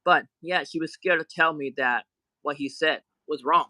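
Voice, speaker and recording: A man speaking in a fairly high, sharp, tense voice while ranting heatedly on a livestream. He sounds indignant and keeps circling back to the same points, pressing each one with force. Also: normal speed, no echo, low-quality recording. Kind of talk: angry livestream rant.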